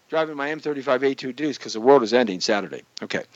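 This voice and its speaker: A man hosting his live online show, rambling and joking, jumping into sudden high squeaky bits. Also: expressive, brisk, no echo. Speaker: host. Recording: dull lo-fi stream audio.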